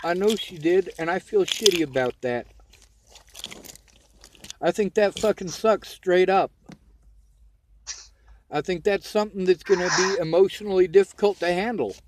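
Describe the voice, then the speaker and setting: A man's voice: sits high, moderate pace, long pauses, noisy background. A man on a phone call, earnest and reassuring, pressing his point. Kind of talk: emotional phone conversation.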